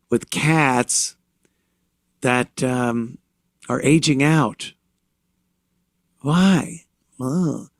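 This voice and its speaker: A man's voice: medium pitch, gravelly, no room sound, studio quality. A man hosting a talk show, ranting sarcastically with mocking, profane commentary. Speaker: show host.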